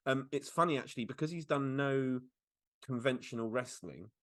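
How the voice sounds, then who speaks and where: A man's voice: medium pitch, moderate pace, dry recording. Guy cohosting a podcast, casual and chuckly, dry room. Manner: laughs often while recounting. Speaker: podcast co-host. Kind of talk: casual chat.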